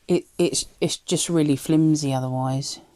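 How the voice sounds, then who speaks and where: A woman's voice: sits low, steady tone, moderate pace, mellow, no room sound. A woman with a light Cockney-tinged accent, chatting casually as she works on a craft project and often dropping into a whisper. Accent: light Cockney-tinged London. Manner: chatty, muttering to herself while working, often drops to a whisper. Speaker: craft vlogger.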